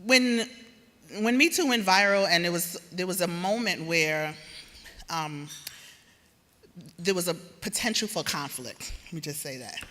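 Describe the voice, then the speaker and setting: A woman giving a speech at a gala, lively and laughing as she coaxes the crowd. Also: fairly low pitch, unhurried, pauses often. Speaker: award presenter and gala speaker. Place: large event hall with a crowd. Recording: echoey hall with crowd murmur.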